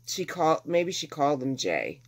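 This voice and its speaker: Speaking at a moderate pace in a low-sitting voice, a middle-aged woman shares something that happened to her. She animatedly performs the lines of people in the story, filling their words with exasperation.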